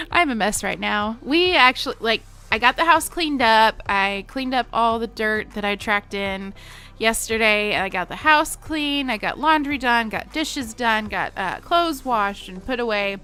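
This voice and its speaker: Casting: woman, late 20s, Southern lilt, bright voice, chatty and self-deprecating vlogger, faint music bed. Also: a little high, expressive, measured pace, smooth. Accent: Southern American. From Missouri. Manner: rambling and self-mocking, lots of fillers and laughs. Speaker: gaming vlogger. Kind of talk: casual chat over gameplay.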